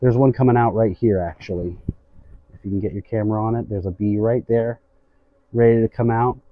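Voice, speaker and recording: A man's voice: on the low side, steady tone, brisk, no room sound, phone-quality sound. A man working as a beekeeper, patiently explaining what he does while he inspects a hive outdoors. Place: outdoors at a beehive.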